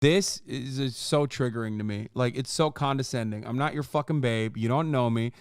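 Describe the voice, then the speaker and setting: Brief: 30s male streamer, smooth voice, dry close sound, sarcastic profane rants. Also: mid-range voice, normal speed, dry recording. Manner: profane, sarcastic, exasperated ranting. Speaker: streamer reacting to a video. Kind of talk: reaction commentary.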